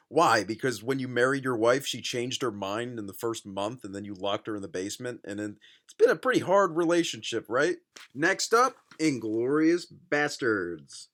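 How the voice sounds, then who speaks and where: A man's voice: medium pitch, sing-song, normal speed. Sarcastic, profane young man ranting. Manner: mocking, profane, swings between loud outbursts and muttering. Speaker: vlogger reviewing a book. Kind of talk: sarcastic comedic reaction.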